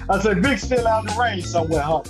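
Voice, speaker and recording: A man's voice: high-pitched, moderate pace, over loud music. A man with a Chicago accent co-hosting a casual podcast, rambling, profane and repeating himself. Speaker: podcast co-host. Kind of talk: casual banter.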